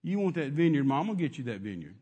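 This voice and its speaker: A man's voice: a little high, very animated, fast talker, warm tone, husky, voice pushed down. A man voicing a scheming queen who coaxes and soothes her husband. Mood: coaxing.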